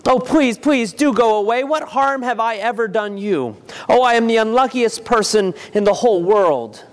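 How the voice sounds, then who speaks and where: A man's voice: high voice, lively intonation, normal speed. A man reading aloud and voicing a timid young boy who talks in anxious, pleading bursts. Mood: frightened. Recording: long reverb.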